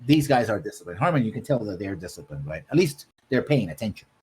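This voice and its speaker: A very animated, fast-talking game master with a lowish voice leads a tabletop game. He describes scenes at great length and checks in with players over and over, often asking "right?".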